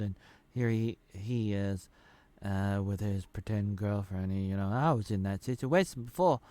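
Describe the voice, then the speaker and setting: Speaking a little slowly in a lowish, mellow voice, a man reviews a show with a casual spoken recap of its episodes. He rambles loosely and often restarts his sentences.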